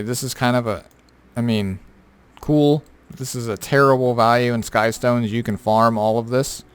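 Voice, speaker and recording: Tired after staying up all night, a man with a smooth, medium-pitched voice casually covers a game's patch notes. As a gaming content creator, he rambles, leans heavily on fillers, and drops offhand comments.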